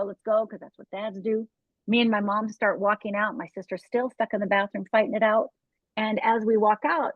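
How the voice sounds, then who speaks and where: A woman from Upper Michigan, a life coach and author, tells her own story in an interview, candid and direct, with asides to the listener. Her voice is medium-pitched, and the recording is dry with a tinny, phone-like sound.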